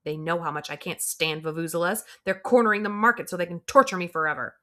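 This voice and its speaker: A woman's voice: fairly low pitch, fast, sharp tone. A woman doing a dry, sarcastic grumpy teacher. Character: grumpy sarcastic middle-aged male teacher.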